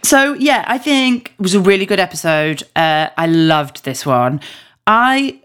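A woman's voice: lowish voice, sing-song, unhurried, fairly bright tone, clear, resonant tone. A northern English woman co-hosting a podcast in casual chat, blunt and opinionated, swearing freely. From northern England. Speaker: podcast co-host.

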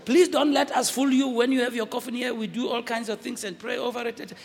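A man with a South African accent preaching a sermon, shouting and dramatic, switching between languages. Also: very high voice, steady tone, brisk, few pauses. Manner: fiery, shouting, code-switching, theatrical. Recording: reverberant hall with faint noise.

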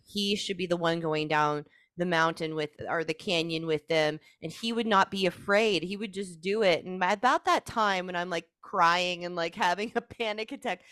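A woman's voice: fairly low pitch, a bit bright, no room sound, clean studio sound. A woman guest on a podcast sharing personal stories in an earnest, heartfelt way, with many "like" fillers. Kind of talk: emotional personal storytelling.

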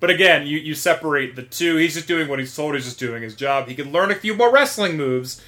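A man's voice: a little high, animated, a little fast, bright, forceful tone. A man co-hosting a casual podcast, talking animatedly, swearing and acting out quotes. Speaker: podcast co-host.

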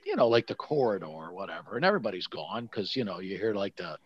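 A man's voice: sits low, quick pace, breathy edge, no room sound, dull audio. A middle-aged man, telling a story casually and acting out the voices of his friends. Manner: animated, acts out quotes with swearing. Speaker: guest storyteller.

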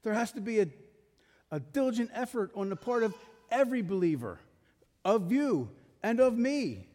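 A man's voice: sits high, sing-song, normal speed, a little mellow, in a large hall. A male pastor preaching a sermon, emphatic, putting rhetorical questions to his congregation.

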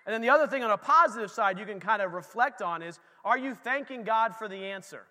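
A man preaching a casual sermon as pastor, animated and talking straight to the congregation. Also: sits high, fast, big-room sound.

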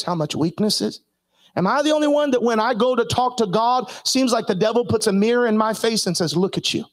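A man preaching a sermon, calling on the congregation to answer and building up to impassioned shouting. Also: high voice, dry recording. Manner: calls for congregation responses.

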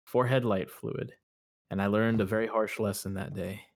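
A man's voice: fairly low pitch, steady tone, normal speed, creaky, no echo, clean studio sound. A man co-hosting a podcast in casual chat who laughs often and trails off mid-sentence. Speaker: podcast co-host.

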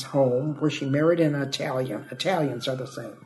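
A woman, a comedian telling stories in an interview with a chatty, lively manner that swoops up for emphasis. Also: extremely low pitch, moderate pace, hardly any pauses, faint music behind. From United States (Ohio). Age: 80s. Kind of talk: animated interview storytelling. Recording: echoey room.

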